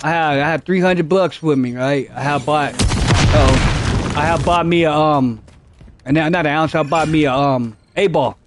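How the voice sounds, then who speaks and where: A man's voice: on the high side, moderate pace, heavy background noise. A man streaming a game, telling a rambling, profane story and repeating himself as he goes. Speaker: gaming streamer. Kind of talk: casual storytelling while gaming.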